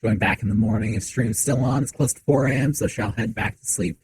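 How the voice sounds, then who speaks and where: A man streaming a game from a home setup, chatting with viewers in a relaxed, joking way into a desk mic. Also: lowish voice, brisk, slight background noise, rough recording. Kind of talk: casual game commentary. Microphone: desk mic on shock mount.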